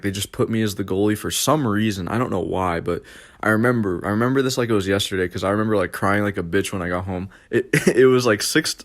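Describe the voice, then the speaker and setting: A young man casually telling stories from his childhood as a podcast host, rambling and swearing, with many fillers and restarts. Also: lowish voice. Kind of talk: casual storytelling.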